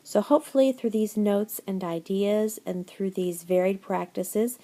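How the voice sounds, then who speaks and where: A woman teaching a Spanish class in a recorded slideshow lecture, encouraging, dropping in Spanish words and reading answer lists slowly. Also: medium pitch, warm tone. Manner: encouraging, switches between English and Spanish phrases.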